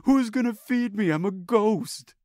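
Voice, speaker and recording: A man's voice: high-pitched, measured pace, darkish tone, no room sound, clean studio sound, pitched above the performer's own voice. A man voicing a clingy, heartbroken male ghost who begs to be fed, whiny and melodramatic. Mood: pleading.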